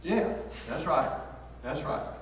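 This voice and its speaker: A man's voice: on the high side, lively intonation, slow, slight background noise. A man, a pastor preaching a sermon in a folksy, storytelling way. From North Carolina, USA. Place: church sanctuary. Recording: echoey hall, picked up from far off.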